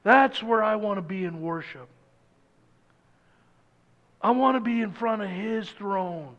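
A man preaching a sermon, moving from loud emphatic lines to hushed, low passages. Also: a little slow, pauses often, big-room sound, dull audio. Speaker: pastor.

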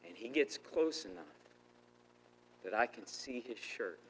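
A man preaching in a church, telling a personal story with animated, repetitive re-enactments of his own thoughts. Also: medium pitch, unhurried, long reverb tail, slight background noise, low-quality recording. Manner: animated, acts out his own inner thoughts, repeats words. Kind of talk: sermon storytelling.

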